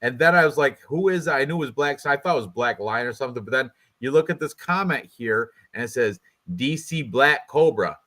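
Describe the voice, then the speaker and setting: A man's voice: mid-range voice, fast talker, hardly any pauses, sharp tone. A man hosting a casual fight prediction show, rambling and joking with his co-hosts. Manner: joking, rambling, trash-talking with laughs. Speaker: podcast host.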